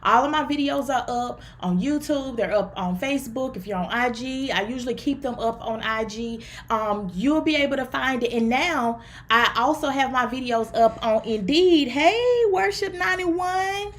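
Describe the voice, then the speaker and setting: Southern woman, country twang, fairly high voice, chatty relationship coach talking to live viewers. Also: normal speed. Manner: chatty, upbeat, talks straight to viewers. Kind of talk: casual livestream talk.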